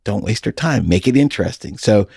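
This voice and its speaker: A man's voice: on the low side, expressive, fairly quick, creaky, dark tone, husky, dry recording, clean studio sound. A middle-aged man hosting a podcast, telling stories in a folksy, casual way and laughing often. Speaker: podcast host.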